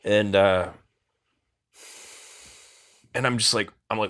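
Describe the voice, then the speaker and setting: A man's voice: on the low side, fairly even intonation, slow pace, fairly bright tone. A young man, a guest on a podcast, telling a story in a rambling, profane way full of fillers. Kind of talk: casual storytelling in an interview.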